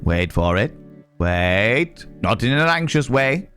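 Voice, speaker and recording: A man with a West Country accent chatting casually on a live stream, reacting to chat with quick, sweary asides. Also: mid-range voice, sing-song, fairly bright tone, smooth, faint music behind. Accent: West Country English.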